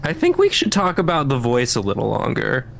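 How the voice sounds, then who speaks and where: A man's voice: medium pitch, huge pitch swings, brisk, vocal fry, crowd noise. A man co-hosting a casual stream chat, joking around with friends. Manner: playful, jokey. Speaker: stream co-host.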